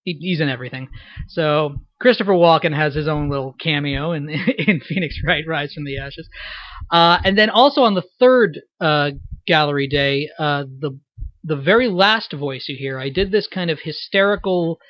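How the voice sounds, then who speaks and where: A young man talks through a commentary in a loose, rambling way, stopping and restarting his sentences. His voice sits a little high. The recording is dull and dry, with no room sound. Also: normal speed, dry recording. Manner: rambling, many fillers and restarts. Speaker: director giving a fan dub commentary. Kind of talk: unscripted spoken commentary.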